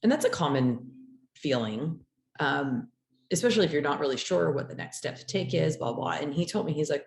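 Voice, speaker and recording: Woman coach talking it through, lowish voice, roomy echo, asks herself questions. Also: lively intonation, fairly quick, creaky. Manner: reflective, explains with rhetorical questions. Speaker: coach and host. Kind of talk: casual chat. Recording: echoey room.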